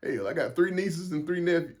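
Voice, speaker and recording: A man's voice: fairly high pitch, a little fast. A young man from South Carolina with a Southern accent, hosting a solo podcast in a rambling, frank and profane way, often repeating and restarting his words. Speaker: podcast host. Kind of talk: casual solo podcast monologue.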